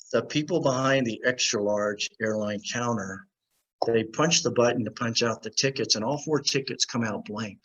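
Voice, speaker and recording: An American man appears as a guest on an interview show, casually telling a story and acting out the voices of the other people in it. He speaks at medium pitch, and the sound is lo-fi.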